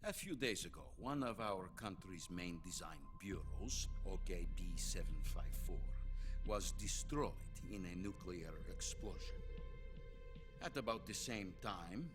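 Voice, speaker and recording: A grave older Soviet premier with a Russian accent in a video game cutscene. He speaks low and measured, laying out accusations like threats. Game music plays clearly beneath his voice. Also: lively intonation. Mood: menacing.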